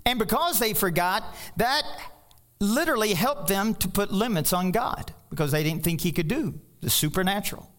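A man's voice: high-pitched, expressive, moderate pace, fairly bright tone. A man preaching a sermon in a folksy, storytelling way, with joking asides and a voice that climbs when he presses a point. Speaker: pastor.

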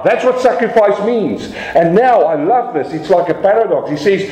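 A man's voice: high-pitched, expressive, normal speed, few pauses, dark tone, roomy sound, poor audio. A man preaching a sermon in a church, emphatic, asking rhetorical questions and acting out voices. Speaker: pastor.

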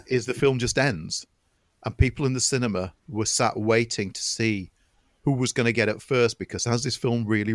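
In a clean studio recording with no echo, a man with a mid-range voice co-hosts a film podcast. His casual film talk is enthusiastic, and he frequently restarts and repeats words while building his argument.

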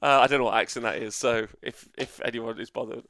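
A man co-hosting a casual tabletop gaming podcast, animated and swearing freely with lots of fillers. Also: medium pitch, fast, dry recording, studio quality. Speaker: co-host. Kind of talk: casual podcast chat about tabletop games.

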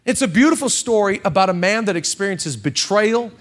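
Pastor, man in his 30s, bright high voice, impassioned church sermon, hushed to shouting. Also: animated, fairly quick. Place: church stage.

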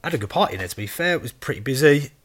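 A man chatting casually about his DJ and promoting days, relaxed and full of "yeah, mate". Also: mid-range voice, very fast. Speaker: DJ and promoter, guest. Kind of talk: casual chat.

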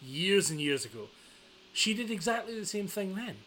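A man's voice: high voice, big pitch swings, normal speed, a crowd in the background. A man co-hosting a wrestling podcast, telling stories with wry, dry humour in casual chat. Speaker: podcast co-host.

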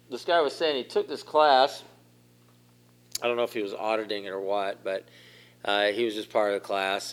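A man preaching a conversational sermon, asking the congregation questions as he goes. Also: on the low side. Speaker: pastor.

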